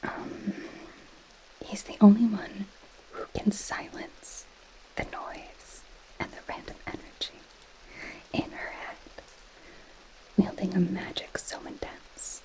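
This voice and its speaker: A woman playing a snarky, possessive goth girl friend in a whispered role-play. She reads aloud in a slow, unhurried hush and drops sarcastic, mocking asides. The whisper is close and soft, with a dry, teasing edge. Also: mid-range voice, fairly even intonation, low-quality recording. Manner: sarcastic, mocking commentary while reading aloud. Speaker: ASMR creator.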